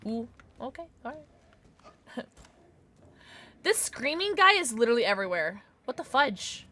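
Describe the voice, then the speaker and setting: A woman streamer giving excitable, chatty live gameplay commentary, often gasping and teasing playfully. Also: on the high side, slow pace, long pauses. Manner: playful mock-polite teasing.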